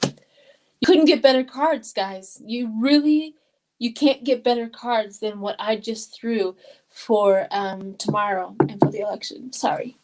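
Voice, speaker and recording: A woman's voice: on the high side, steady tone, unhurried, darkish tone, slight background noise, rough recording. An older woman from Colorado giving a live tarot reading in an emotional, chatty way, reading viewer comments aloud. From Colorado, USA. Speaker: tarot reader.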